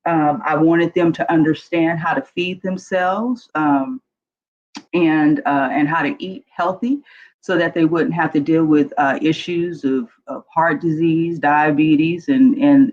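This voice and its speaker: A middle-aged woman, emotional and earnest, candidly shares her life story as a guest panelist on a video call. Her voice is deep and the sound is lo-fi.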